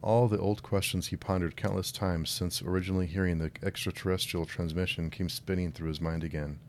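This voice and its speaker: Low-voiced man reading a short story. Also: steady tone, a little fast, a little hiss or hum. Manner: friendly, with filler words and restarts. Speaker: book channel host reading a short story. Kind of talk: casual intro then story narration.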